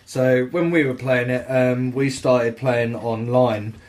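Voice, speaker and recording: A man hosting a gaming podcast, telling game stories in a sweary, animated way and acting out the dialogue. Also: mid-range voice, slow pace. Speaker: podcast host. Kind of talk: casual gaming chat.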